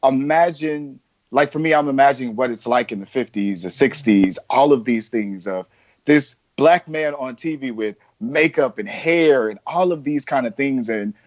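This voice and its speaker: A man's voice: mid-range voice, moderate pace, no echo, highs cut off. Earnest male podcast host. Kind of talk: casual podcast chat.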